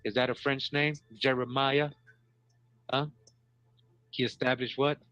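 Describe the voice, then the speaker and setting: Man reading a book out loud on his show, repeats himself, asks the audience stuff, kinda muffled sound. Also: mid-range voice, fairly even intonation, a little fast, dry recording. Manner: repeats words, asks listeners "right?". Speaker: host. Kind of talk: reading aloud with commentary. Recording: dull lo-fi recording.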